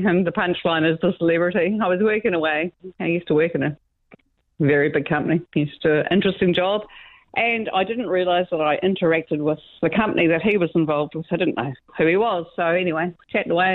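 A woman's voice: on the low side, a little fast. A woman caller, telling a rambling story on the radio. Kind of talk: phone-in storytelling. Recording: tinny phone line.

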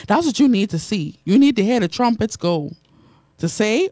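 Animated woman preaching, mellow and dry. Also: fairly high pitch, normal speed, no room sound. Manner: animated preaching, repeats phrases, reads out comments. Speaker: radio and online preacher host. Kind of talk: sermon.

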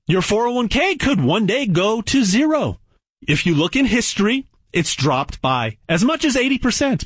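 A man giving an emphatic, repetitive sales pitch in a folksy way. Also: slightly rough, no room sound, studio quality.

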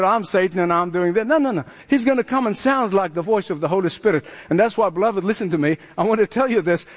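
A man preaching a sermon, emphatic, acting out voices in quotes. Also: high voice. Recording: long hall reverb.

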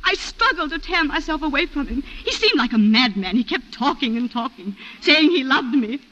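An actress playing a refined colonial wife who tearfully recounts a shooting, in a 1940s radio drama style. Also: female voice, high voice, lively intonation, moderate pace, fairly bright tone. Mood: distraught. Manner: breathless, emotional, refined. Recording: muffled old radio recording.

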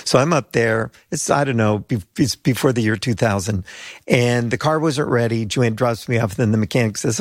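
An older American man, a pastor and mission leader, tells stories as a guest in an interview, acting out the voices of the people he quotes. His mid-range voice moves fairly quickly, recorded with clean studio sound and no room sound.

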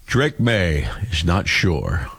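A man's voice: low-pitched, big pitch swings, slow pace, fairly bright tone, breathy edge, dry recording. A man co-hosting a radio talk show, chatting in an easygoing way. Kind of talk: casual banter.

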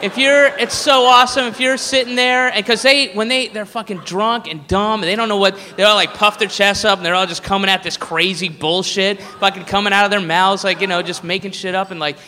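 A man's voice: high-pitched, fairly even intonation, brisk, few pauses, sharp tone. A man doing a stand-up comedy routine, rambling and profane, with laughing asides. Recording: live room with long reverb.

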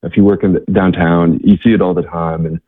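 A man telling earnest stories as an interview guest, halting with many restarts and fillers, over a phone-like line. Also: deep voice, flat delivery, no echo. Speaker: guest, missionary organization worker. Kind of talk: interview storytelling. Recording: tinny phone-like line, dry.

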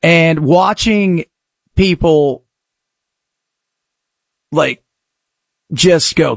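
Male talk radio host, high voice, dry close sound, sarcastic ranting monologue. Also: big pitch swings, a little slow, long pauses, dry recording. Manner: sarcastic, mocking shouts.

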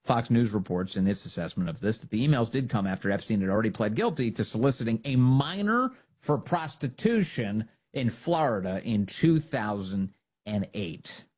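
A man's voice: on the low side, animated, normal speed, darkish tone, husky. A man hosting a political commentary show, reacting to news clips in a mocking, opinionated way. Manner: mocking, laughs at his own jokes.

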